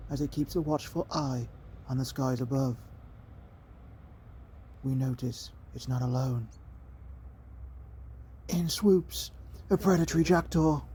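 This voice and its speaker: A man putting on the voice of a wildlife documentary narrator, speaking softly, slowly and with mock grandeur over garden footage. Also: fairly high pitch, slight background noise, close to an everyday voice. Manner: soft, slow, reverent, mock-grand. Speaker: gardening video creator.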